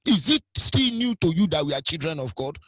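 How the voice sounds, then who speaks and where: A man with a Nigerian accent delivers a fiery radio monologue, hammering rhetorical questions and slipping into mocking sarcasm. His voice sits fairly high and sounds husky, and it is recorded close and dry with no room around it. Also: big pitch swings, fairly quick, a bit bright, no room sound. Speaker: radio commentator. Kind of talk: impassioned political monologue.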